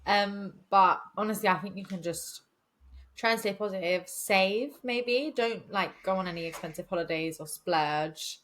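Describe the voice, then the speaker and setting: A woman's voice: medium pitch, normal speed, a bit bright, slight background noise. Chatty young woman co-hosting. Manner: chatty, slangy, laughs often. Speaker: podcast co-host. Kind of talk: casual chat.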